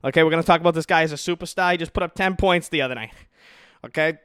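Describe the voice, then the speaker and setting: A brash young man rants loosely on his solo podcast, swearing freely and tossing in "dude" and "okay" all the time. His voice sits a bit high for a man, and the sound is dry and close with no room around it. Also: rapid-fire, fairly bright tone, clear, resonant tone, no room sound. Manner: profane, brash, rambling, says dude and okay a lot. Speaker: comedian podcast host. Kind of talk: casual solo podcast rant. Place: his own home.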